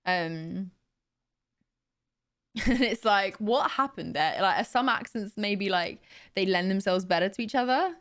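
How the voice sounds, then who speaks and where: A young woman talks casually to her livestream chat. She rambles from thought to thought and leans on "like" and "you know". Her voice sits at an ordinary middle pitch. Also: a little slow, long pauses, a bit bright. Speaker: streamer.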